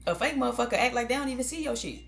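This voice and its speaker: A woman's voice: fairly high pitch, expressive, very fast, gravelly. A woman giving a casual tarot reading to viewers in a blunt, profane, conversational way. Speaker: tarot reader.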